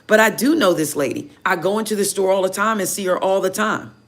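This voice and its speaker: A woman tarot reader casually telling viewers a story in an animated, chatty way, full of "you know" fillers. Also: mid-range voice, a little fast. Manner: animated, chatty, heated when retelling.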